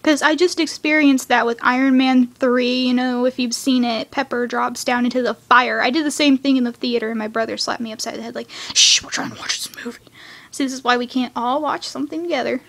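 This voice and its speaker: A young woman rambling excitedly about a cartoon episode, acting out the characters with sudden high cries. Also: brisk, hardly any pauses.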